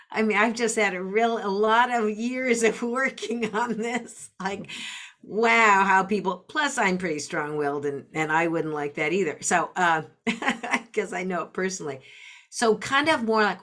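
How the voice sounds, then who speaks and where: A woman's voice: medium pitch, a little slow, a bit bright. A middle-aged woman, a parenting coach and podcast guest, explaining step by step and acting out example phrases. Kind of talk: explanatory interview talk.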